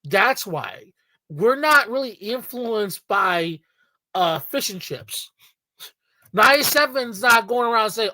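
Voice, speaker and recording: A man's voice: sits high, expressive, takes it slowly, bright, forceful tone, no room sound. Profane, ranting male podcast host. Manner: emphatic, profane, lecturing. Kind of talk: casual ranting chat.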